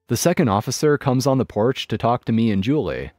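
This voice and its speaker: A man narrating a written story in a steady scripted read. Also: mid-range voice, fairly quick, dry recording, studio quality, faint music behind.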